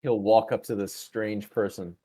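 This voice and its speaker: A man, a player in a tabletop game, narrating his character's actions in a slow, measured way. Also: lowish voice, little pitch movement, mellow, slightly rough.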